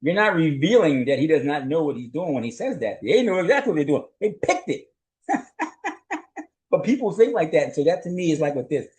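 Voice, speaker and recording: A man's voice: a little high, big pitch swings, fairly quick, darkish tone, poor audio. A male host and journalist giving a solo commentary recap. He speaks conversationally and rhetorically, keeps asking "right?", and chuckles often.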